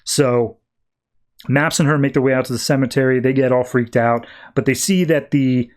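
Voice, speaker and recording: Man, podcast host, casual comic recap, chatty, mid-pitched. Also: fairly even intonation. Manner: quick, chatty storytelling.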